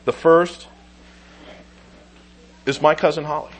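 A man giving an earnest, emotional church talk, reading scripture aloud and pausing with halting restarts. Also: a little high, steady tone, a little hiss or hum, poor audio.

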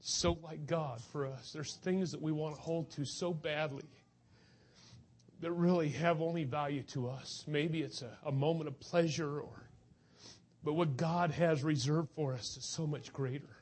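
Male preacher, earnest and emotional, voice a little high, urging his listeners. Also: steady tone, a little slow, darkish tone, husky. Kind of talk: sermon.

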